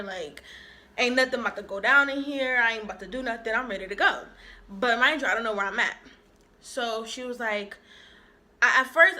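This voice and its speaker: Bright-voiced young woman telling a story. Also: fairly high pitch. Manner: animated, acts out quoted dialogue. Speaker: vlogger. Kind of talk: casual storytime vlog.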